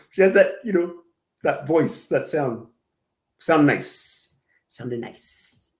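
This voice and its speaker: A man's voice: on the high side, animated, extremely slow, darkish tone. Rambling man in an echoey room. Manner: rambling, self-deprecating, laughs often. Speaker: commentary channel host. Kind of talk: casual reaction commentary.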